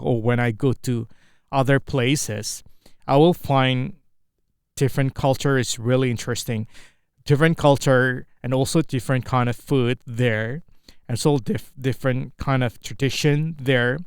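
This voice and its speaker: A young Indonesian man with an Indonesian accent, practicing spoken English alone in a vlog. He talks in a halting way, stopping and restarting often as he searches for words. His voice is smooth and resonant, and it is recorded close and dry, with no room sound. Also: mid-range voice, darkish tone, no echo. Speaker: English learner. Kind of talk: solo speaking practice.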